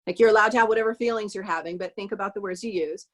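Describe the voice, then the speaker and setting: A woman guest in a casual conversation who affirms the others and praises what they say. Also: mid-range voice. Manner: warm, affirming, quick to praise.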